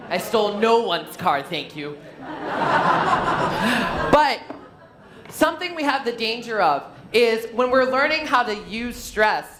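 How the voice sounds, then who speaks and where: A man presenting a storytelling workshop, playful and animated, joking with his audience. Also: very high voice, roomy sound, background noise. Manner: playful, animated teacher who jokes with the audience. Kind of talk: live storytelling workshop talk. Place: conference hall.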